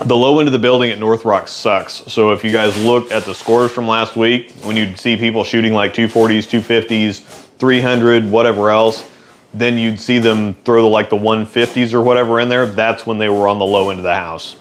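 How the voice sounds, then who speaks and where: A man hosting a relaxed, rambling chat in a workshop, answering viewer questions. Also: lowish voice, normal speed, a little hiss or hum. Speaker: host. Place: indoor workshop.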